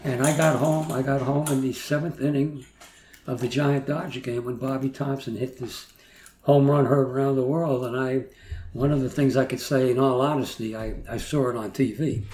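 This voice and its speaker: With a medium-pitched, slightly mellow voice, an 82-year-old male guest chats casually and reminisces, chuckling while he rambles from tale to tale. The audio carries a roomy echo along with faint noise.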